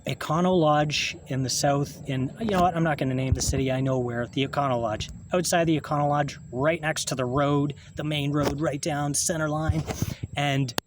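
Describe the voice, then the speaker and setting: A man, talking in a halting, rambling monologue to camera, full of restarts and swearing. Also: fairly high pitch, steady tone, noisy background. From Canada.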